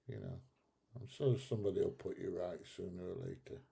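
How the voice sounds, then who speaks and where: A man's voice: low voice, brisk, creaky, dark tone, breathy edge. A man in his seventies hosting a live stream, reading out chat comments and bantering back at trolls with frequent laughs. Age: 70s. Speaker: livestream host reading chat.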